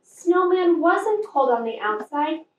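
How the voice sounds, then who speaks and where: A woman voicing a gentle, caring young creature who pleads softly, in a storybook read-aloud. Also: very high-pitched, sing-song, slow pace, a little hiss or hum, voice pushed up, heavily acted. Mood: earnest. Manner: soft, pleading. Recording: echoey room from far off.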